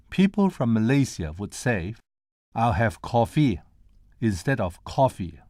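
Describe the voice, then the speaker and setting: A man's voice: medium pitch, a little mellow, dry recording, clean studio sound. An older man from Hong Kong giving a prepared conference lecture, carefully sounding out tones and syllables one at a time to demonstrate them. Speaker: presenter at a conference.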